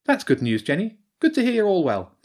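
A man's voice: high voice, huge pitch swings, brisk, a little mellow, pitched above the performer's own voice, heavily acted. A man doing a chatty, friendly mum. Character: friendly middle-aged mum on the phone.

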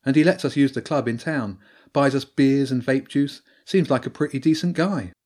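A man voicing a defiant older teenage girl in an audiobook, talking sharp and dismissive. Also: mid-range voice, normal speed, voice pushed up, close to an everyday voice.

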